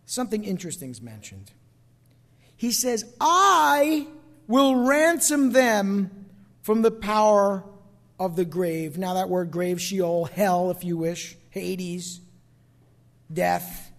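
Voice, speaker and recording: A man's voice: high-pitched, animated, unhurried, big-room sound. A middle-aged male pastor preaching a sermon, emphatic, calling out to the congregation for responses. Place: church sanctuary.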